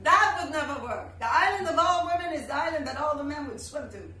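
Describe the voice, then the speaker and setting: A woman voicing a friendly male cab driver in his late fifties with a West Indian accent, teasing and loud, heard on a distant, echoey live stage recording. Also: high voice, expressive, brisk, heavy background noise, voice pushed up. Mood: scoffing. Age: 50s. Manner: teasing, broken grammar, loud.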